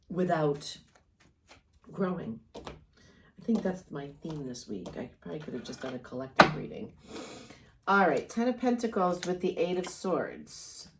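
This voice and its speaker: A woman's voice: low-pitched, a little hiss or hum. A woman giving a casual tarot reading, talking in an encouraging, rambling way with many fillers and restarts. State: coughing and yawning at times. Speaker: tarot reader.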